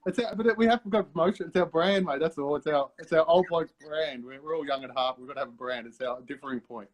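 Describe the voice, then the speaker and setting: A man's voice: fairly high pitch, fast talker. Chatty older Australian man hosting. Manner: friendly, laughs often, calls guest mate. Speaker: host. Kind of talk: casual interview chat. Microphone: video call.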